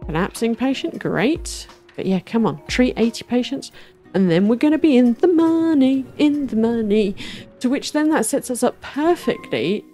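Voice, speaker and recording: A woman's voice: fairly high pitch, animated, moderate pace, dark tone, soft background music. A woman giving casual let's-play commentary, chatting to herself and to the game's characters and laughing now and then. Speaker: gaming channel host.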